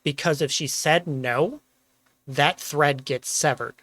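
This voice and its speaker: Bright, dry-voiced male streamer. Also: fairly high pitch, slow pace, dry recording. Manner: energetic, laughs a lot, thanks chat. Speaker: Twitch streamer host. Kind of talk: casual stream chat.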